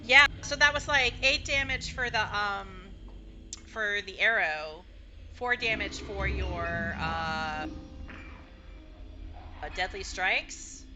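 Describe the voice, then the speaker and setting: A woman's voice: medium pitch, lively intonation, slow, pauses often, over music. A woman narrating as game master of a tabletop game, chatty and hesitant with many fillers. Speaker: dungeon master.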